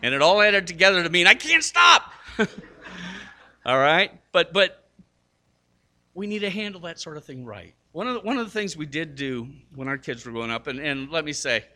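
An older man preaching a sermon in a bright, forceful voice. He tells stories with lively energy, jumping up in pitch to act out what people said, and is quick to poke fun at his own mistakes. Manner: animated storytelling, acting out quotes with big pitch jumps; self-deprecating. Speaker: pastor.

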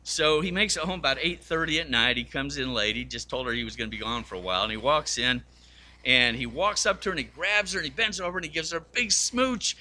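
A male pastor preaches a sermon in a slightly high, sharp-toned voice at a quick pace. He tells stories and acts out the voices of the people in them.

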